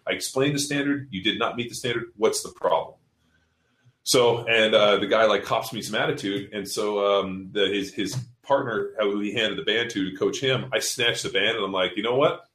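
A man's voice: fairly low pitch, normal speed, fairly bright tone, reverberant. A man coaching fitness seminars, telling a story in casual podcast talk, blunt and profane, acting out what people said. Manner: profane, blunt, acts out quotes.

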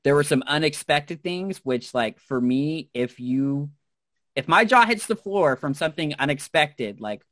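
A man's voice: on the high side, animated, a little slow, a bit bright, dry recording. Effusive man gushing in casual chat. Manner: effusive, leans on "like". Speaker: podcast co-host.

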